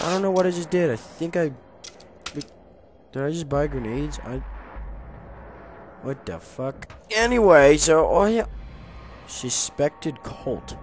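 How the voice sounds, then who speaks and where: A young man giving casual, jokey commentary while playing a video game, often yelling at enemies. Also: a little high, slight background noise. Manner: excitable, jokey, yells at enemies. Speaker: gaming YouTuber.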